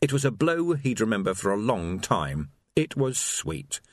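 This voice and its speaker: A man narrating an audiobook in an expressive, wry storytelling voice. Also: on the low side, unhurried, no room sound, studio quality. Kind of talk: scripted narration.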